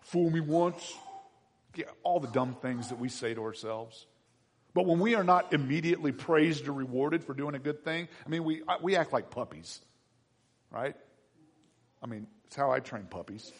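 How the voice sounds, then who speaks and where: A man preaching a sermon as pastor, animated, swinging between loud emphatic lines and quiet asides, acting out everyday voices as he goes. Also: mid-range voice, moderate pace. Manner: acts out everyday voices in quotes. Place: church sanctuary. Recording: husky voice in a reverberant hall.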